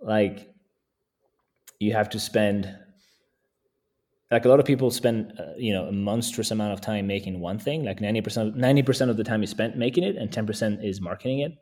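A man's voice: on the low side, fairly quick, mellow. A man speaking as a podcast guest in a casual, easygoing way, often chuckling between thoughts. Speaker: guest landscape photographer.

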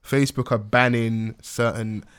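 A man's voice: mid-range voice, fairly even intonation, measured pace, a bit bright, clear, resonant tone. A man with a slight lisp, hosting a podcast in slangy, laughing banter. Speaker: podcast host. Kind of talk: casual chat.

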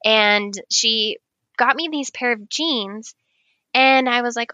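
Bright-voiced woman telling a story. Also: fairly high pitch, measured pace, no room sound. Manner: animated, laughs often, acts out quoted lines. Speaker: guest. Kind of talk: casual storytelling.

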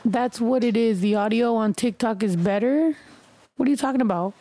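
A woman hosts a podcast in loose, casual chat. She is loud and excitable and swears freely. Her voice sits somewhat high and carries clearly from the podcast room. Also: normal speed, slight background noise. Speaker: podcast host.

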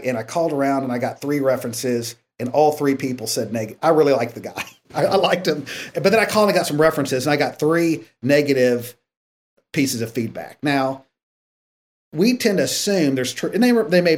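A male podcast guest with a medium-pitched voice tells stories casually at normal speed in an interview. He is an animated storyteller who acts out the dialogue.

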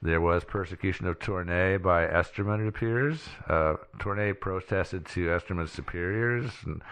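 A man's voice: low voice, normal speed, a bit bright. A man hosting a casual discussion podcast, leading the talk with many fillers. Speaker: podcast host. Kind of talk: casual chat.

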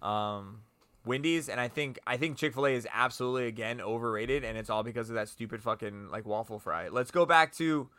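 A man rambles through a crude, joking podcast chat and keeps slipping into acted-out quotes. His voice is bright and forceful. The sound is dry and close, with no room around it. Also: fairly low pitch, fairly quick, no echo. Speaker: podcast co-host. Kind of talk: casual chat.

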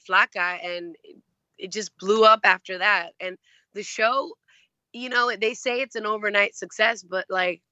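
An actress, interviewed as a guest, tells stories chattily with lots of fillers and acts out the voices she quotes. Her medium-pitched voice sounds sharp, and the recording is dry and dull.

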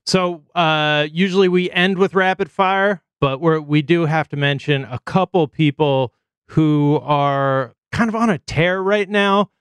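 A man's voice: on the high side, unhurried, smooth, no echo. Chatty man hosting a sports podcast. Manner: chatty, reels off stats with fillers. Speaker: podcast host. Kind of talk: casual sports podcast chat.

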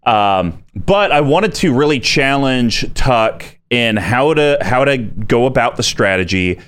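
A man in a casual conversation lays out a plan in order, one idea after another. He sounds relaxed and easygoing, with a middle-pitched voice. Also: a little slow, clean tone. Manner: relaxed, explains strategy step by step. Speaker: podcast co-host. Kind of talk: casual chat explaining deck strategy.

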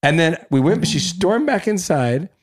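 A middle-aged man co-hosting a podcast, telling a story in lively casual chat and teasing his co-host. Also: fairly high pitch, unhurried, dry recording, studio quality.

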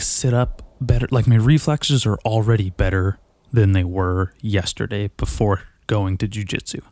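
A low-pitched man rambling through a casual solo monologue, swearing freely and poking fun at himself. He sounds a little out of breath. His voice comes through a desk mic on a boom arm in a dry, close home setup. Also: darkish tone, no room sound. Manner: profane, loose, self-mocking. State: a bit out of breath.

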